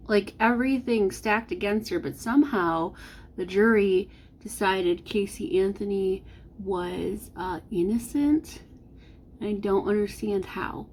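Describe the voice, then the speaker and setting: A woman's voice: mid-range voice, darkish tone, a little hiss or hum. A woman chatting casually to the camera from home, rambling between topics and sometimes dropping to a whisper. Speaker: vlogger. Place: at home, working from home.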